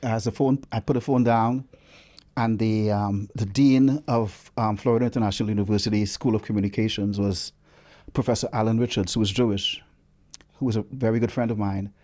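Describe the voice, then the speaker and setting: Animated man telling a story. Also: fairly low pitch, a little fast. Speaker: guest researcher. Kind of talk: storytelling in a casual interview.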